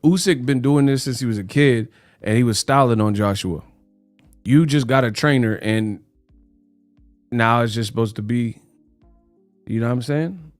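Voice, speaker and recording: A man's voice: medium pitch, normal speed, long pauses, no room sound, soft background music. A man hosting a live boxing talk stream in loose, slangy, joking chat, drifting into mock British voices. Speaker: host. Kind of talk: casual livestream chat.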